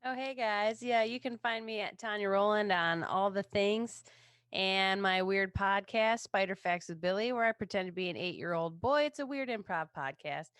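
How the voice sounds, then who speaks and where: A woman's voice: medium pitch, normal speed, a bit bright, smooth, dry recording. A woman player introducing herself and her character in a chatty, self-deprecating way.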